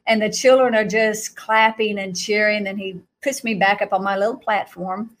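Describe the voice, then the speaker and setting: A woman guest speaker recounting a vision in animated storytelling, acting out quotes and laughing often. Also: medium pitch, moderate pace.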